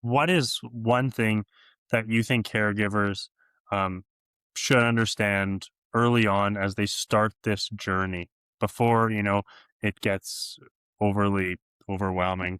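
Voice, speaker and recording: A man hosting a podcast, asking measured, deliberate interview questions. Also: fairly low pitch, little pitch movement, a bit bright, smooth, no echo. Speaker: podcast host.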